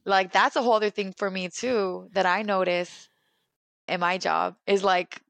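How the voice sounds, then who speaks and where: A young adult woman from California speaks as an interview guest, open and emphatic, often leaning on "like". Her voice carries a gravelly fry. The sound is dry and close, with little room in it. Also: medium pitch, moderate pace, dry recording. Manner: animated and emphatic, heavy use of "like". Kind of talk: candid personal conversation.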